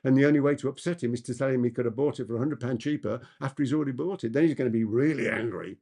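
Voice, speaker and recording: A man's voice: medium pitch, rapid-fire, warm tone. A man who is a business coach, answering audience questions in an emphatic masterclass talk and repeating key points for effect.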